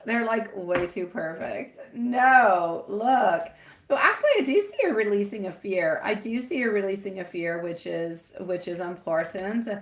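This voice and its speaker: A woman's voice: mid-range voice, fairly bright tone, slight background noise. Giggly chatty woman reading tarot. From France. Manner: giggly, chatty, calls viewers sweetie and my love. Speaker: tarot reader hosting a live stream. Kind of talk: live tarot reading chat.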